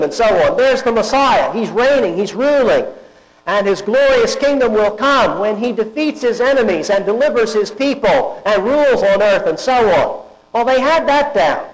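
A man preaching a sermon, deliberate and emphatic, often asking rhetorical questions. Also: high-pitched, animated. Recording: dull lo-fi with mains hum.

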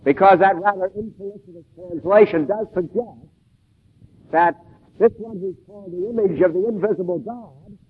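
Man preaching slow and deliberate, highish husky voice, tinny lo-fi tape. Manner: measured, deliberate with emphatic stresses and filler pauses. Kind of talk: expository sermon. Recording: tinny phone-like old tape recording.

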